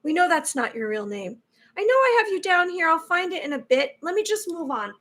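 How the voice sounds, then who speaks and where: A woman's voice: very high-pitched, sing-song, a little fast, fairly bright tone. A woman hosting a spiritual live stream, talking in an earnest, rambling way with many restarts. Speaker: spiritual livestream host. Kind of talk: casual live-stream talk.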